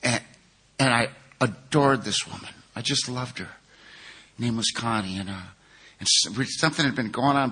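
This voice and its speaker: Bright-voiced older man, candid storyteller. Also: medium pitch. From California. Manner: candid, self-mocking storytelling that swings from hushed to loud. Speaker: recovery speaker. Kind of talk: personal testimony at a twelve-step conference.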